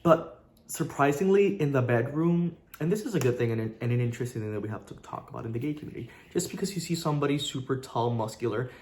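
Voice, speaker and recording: A chatty man reviewing a book on his own channel in a loose, joking vlog style. He rambles, tosses in asides and keeps the tone playful throughout, with a voice that sits in an ordinary middle pitch. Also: lively intonation, fast talker, a little mellow, slight background noise. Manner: rambling with frequent likes and asides.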